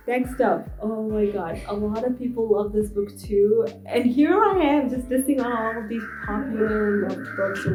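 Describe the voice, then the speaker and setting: Exasperated young woman ranting about books. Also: mid-range voice. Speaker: book vlogger. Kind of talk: casual book review vlog. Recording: echoey room with soft music behind.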